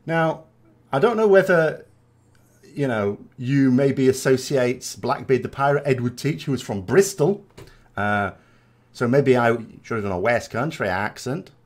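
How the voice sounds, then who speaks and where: A man's voice: medium pitch, animated, a little slow. A British man chatting casually as a gaming vlogger, reading out viewer comments and answering them with rambling asides and tag questions.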